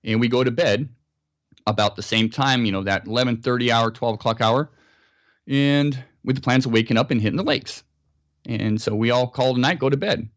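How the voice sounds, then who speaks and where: A man's voice: medium pitch, brisk, dry recording. An American man, a podcast guest, telling a story in a casual interview and acting out sounds and quotes.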